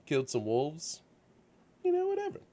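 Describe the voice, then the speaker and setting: Telling video game stories on a casual talk show he hosts, a man rambles with animation, lots of fillers and frequent restarts. His voice runs on the high side at a moderate pace, and the setup is a radio-show studio.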